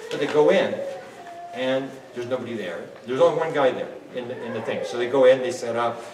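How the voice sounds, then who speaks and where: A man in his sixties telling a story as an interview guest, excitable, with many restarts and bits of laughter. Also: mid-range voice, a little fast, background noise. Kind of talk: animated anecdotal storytelling. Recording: roomy and distant, faint ambience.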